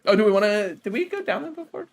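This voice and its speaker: A man's voice: high voice, very animated, quick pace. A young man streaming a game, joking and rambling casually and laughing at his own jokes. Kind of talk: casual gaming stream chat.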